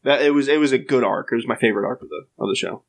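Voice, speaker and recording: Male co-host, blunt offhand chatter, average-pitched voice. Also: very fast, gravelly. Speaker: podcast co-host. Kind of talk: casual chat.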